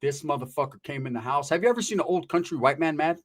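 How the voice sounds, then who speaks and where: Man, casual storytelling, animated, profane, street slang, somewhat high voice. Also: quick pace. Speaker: storyteller guest.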